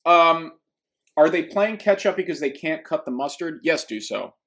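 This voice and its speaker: A man's voice: a little high, expressive, moderate pace, a bit bright. A man co-hosting a live movie podcast in casual chat, joking and playful, often talking over his co-host. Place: home studio, live stream.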